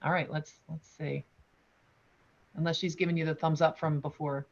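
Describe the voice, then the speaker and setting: A woman's voice: low voice, level tone, moderate pace, vocal fry. A woman hosting an online round table over a video call, chatting casually, apologizing often and laughing. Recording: dull lo-fi video-call audio.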